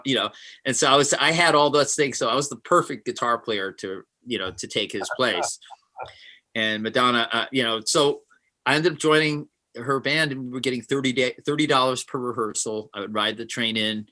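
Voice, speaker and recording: Bright-voiced man telling animated stories. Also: medium pitch, a little fast. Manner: animated, acts out quotes. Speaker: session guitarist, guest. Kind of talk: interview storytelling.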